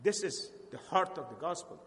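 Earnest high-voiced preacher in a hall. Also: male voice, expressive, fairly bright tone. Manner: earnest, slow and emphatic, with halting restarts. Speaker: pastor. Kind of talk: sermon. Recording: long hall reverb.

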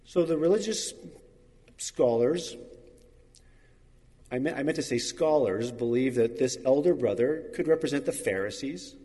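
Animated preacher in a reverberant hall. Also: male voice, mid-range voice, unhurried, long pauses. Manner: reads scripture aloud, acting out quoted voices. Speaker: pastor. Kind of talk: sermon.

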